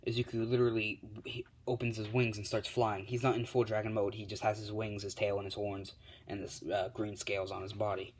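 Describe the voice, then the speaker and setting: A man's voice: on the low side, level tone, fairly quick, low-quality recording. A man telling an improvised fan story in a casual, rambling way with many fillers.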